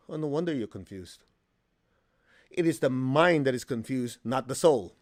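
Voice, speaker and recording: A man teaching a meditation and healing class, plain-spoken and humorous, asking the class questions and acting out quotes with sudden high jumps in pitch. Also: expressive, normal speed, darkish tone. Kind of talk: spiritual class talk.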